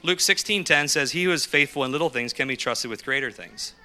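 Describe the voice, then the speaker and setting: A man speaking from a podium as a missionary, telling lively anecdotes and acting out what people said. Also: medium pitch, a little fast. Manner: lively anecdotal storyteller who acts out quotes. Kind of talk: storytelling sermon.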